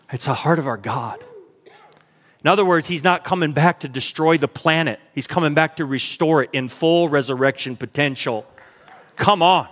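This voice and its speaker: A man preaching a sermon as pastor, fervent and exclamatory, speeding through lists and slowing down to stress scripture. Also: medium pitch, fairly bright tone. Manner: fervent, exclamatory, fast bursts then slow emphatic readings. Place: large church auditorium. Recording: long church hall reverb.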